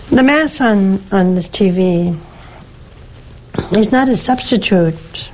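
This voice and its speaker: Slow, earnest older nun giving counsel. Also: female voice, mid-range voice, animated, rough recording. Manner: slow, earnest and motherly, gently insistent. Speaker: nun hosting a Catholic call-in show. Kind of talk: call-in spiritual counsel.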